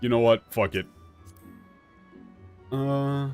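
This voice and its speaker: A man's voice: medium pitch, slow pace, a little mellow, clean tone, soft background music. A man streaming a video game, chatting casually in a rambling way and laughing often. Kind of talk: casual gameplay commentary.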